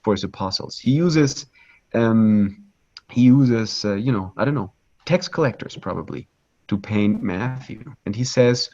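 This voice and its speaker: Low-voiced man guiding a virtual art tour. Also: unhurried, lo-fi sound. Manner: lively and conversational, with frequent fillers, restarts and "right?" tags. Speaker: virtual pilgrimage tour guide. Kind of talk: live online guided art tour.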